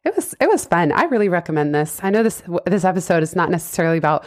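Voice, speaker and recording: A woman's voice: lowish voice, very animated, rapid-fire, dry recording, studio quality. A woman hosting a podcast in casual chat, bubbly and laughing often. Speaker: podcast host.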